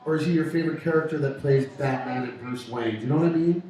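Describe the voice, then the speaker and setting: A man's voice: medium pitch, fast, dark tone. A man hosting a radio show with casual, rambling, joking banter from a pub. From Canada. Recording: echoey pub from far off.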